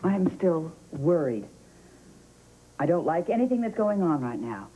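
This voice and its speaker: A woman's voice: deep voice, sing-song, unhurried, mellow, slight background noise, rough recording. An actress playing an anxious, insistent mother in a soap opera.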